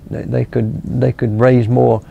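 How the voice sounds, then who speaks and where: An older man from South Carolina, a local author and historian answering interview questions slowly, with many pauses and restarts. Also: medium pitch, flat delivery, mellow, dull audio. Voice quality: gravelly.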